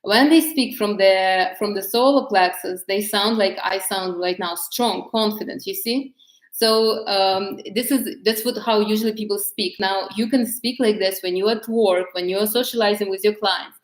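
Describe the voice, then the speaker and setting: A woman's voice: mid-range voice, moderate pace. Woman coaching with many hesitations, echoey room. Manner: hesitant, many fillers and restarts, gentle explaining tone. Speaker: femininity coach. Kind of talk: casual instructional talk to camera.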